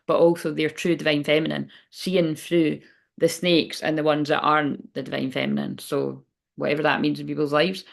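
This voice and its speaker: A woman's voice: low voice, creaky. A woman who works as a spiritual coach, giving a chatty, rambling oracle card reading and swearing casually.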